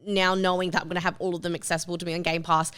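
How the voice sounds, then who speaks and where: A woman's voice: lowish voice, level tone, rapid-fire, fairly bright tone, clean tone. An Australian woman co-hosting a gaming show, chatting casually with many fillers. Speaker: show co-host. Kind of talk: casual chat.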